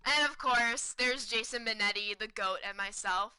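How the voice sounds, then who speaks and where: Bright excited young woman streamer. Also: fairly high pitch, moderate pace, smooth, poor audio. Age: 20s. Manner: excited, chatty, repeats words for emphasis. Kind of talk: casual storytelling to stream chat.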